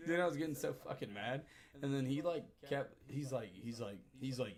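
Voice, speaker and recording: A man in his thirties hosting a livestream, telling a story in a loose, profane, animated way. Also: mid-range voice, a little fast, faint music behind. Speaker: livestream host. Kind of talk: casual storytelling to a live chat.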